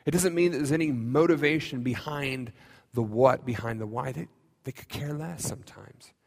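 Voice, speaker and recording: A man's voice: mid-range voice, moderate pace, creaky. A man preaching a conversational sermon as pastor, mixing in self-deprecating humor. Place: church sanctuary. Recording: long reverb of a church hall.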